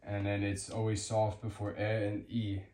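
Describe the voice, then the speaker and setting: A man giving a casual spoken language lesson, hesitant with many fillers, repeating example words slowly. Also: lowish voice, completely flat delivery, dark tone, reverberant. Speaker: language teacher.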